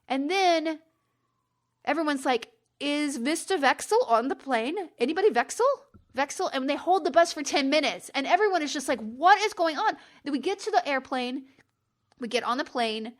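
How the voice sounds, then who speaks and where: Chatty, exasperated woman with high voice. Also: fairly bright tone. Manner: chatty and exasperated, with big pitch jumps for emphasis. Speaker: podcast host. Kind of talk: casual storytelling monologue.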